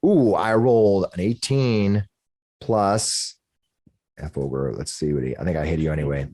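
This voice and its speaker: Animated man running a tabletop game. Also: sits low, a little slow. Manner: animated, narrates the monsters' actions with relish. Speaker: dungeon master.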